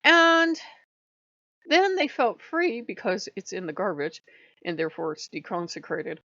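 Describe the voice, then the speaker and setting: A woman's voice: mid-range voice, very animated, unhurried, pushed and bright, no room sound. A woman hosting her own channel, telling a long casual story in a rambling way and laughing often between lines. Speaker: channel host. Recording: dull lo-fi dry recording.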